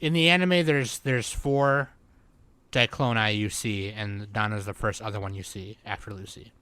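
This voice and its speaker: A man's voice: on the low side, normal speed, sharp tone, clean tone, dry recording. A man hosting a podcast chat in a laid-back way, using lots of fillers and steering the talk.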